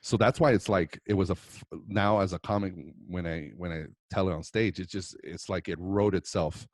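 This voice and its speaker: A man from Reno, a stand-up comedian telling a story as a guest, animated and profane. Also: deep voice, normal speed, dry recording, studio quality. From Reno, Nevada. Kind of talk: casual storytelling.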